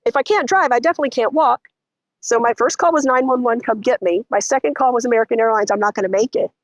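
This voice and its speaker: A middle-aged woman, telling a story as a guest in an interview, animated and vivid. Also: fast talker, no room sound. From Texas. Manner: animated, vivid storytelling with lots of pitch swings.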